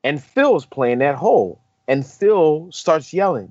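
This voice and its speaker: Animated man telling a golf story. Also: fairly high pitch, slow pace, no echo, highs cut off. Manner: animated storyteller, acts out quotes. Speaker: podcast co-host, on-course reporter. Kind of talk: casual storytelling chat.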